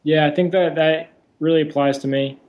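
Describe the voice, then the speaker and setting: A man calling in to a show, telling his story in a rushed, frustrated, casual way. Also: fairly high pitch, fairly even intonation, a little mellow. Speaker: caller. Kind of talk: call-in conversation.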